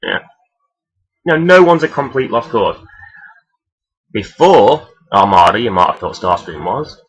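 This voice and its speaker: A man talking casually and rambling as he counts down his favourite characters, swearing freely and filling pauses with "um". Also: fairly low pitch, lively intonation, husky, highs cut off. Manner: rambling, profane, many fillers. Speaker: vlogger ranking toy robot characters. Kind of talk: casual unscripted countdown talk.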